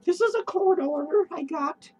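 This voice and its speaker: A man playing an unhinged, foul-mouthed clown who rants in a high, shrill voice with cackling laughs, tipsy and hyper, in a comedic character vlog. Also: moderate pace, muffled recording. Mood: manic ranting. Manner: crude swearing rants, giddy and drifting. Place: home studio.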